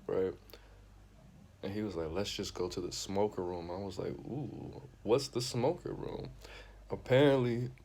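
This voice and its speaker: A young man, the channel host, telling a wild story in a slangy, swearing storytime style, acting out every voice and shooting high and loud on the quotes. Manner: acts out both sides of the dialogue, voice jumping up high and loud for quoted lines. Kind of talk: animated storytime monologue.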